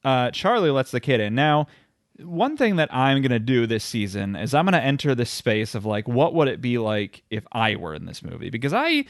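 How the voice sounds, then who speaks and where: A man's voice: medium pitch, sing-song, normal speed, no echo, clean studio sound. A man co-hosting a podcast, joking casually while recapping a movie. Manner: joking, laid-back, laughs often. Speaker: podcast co-host.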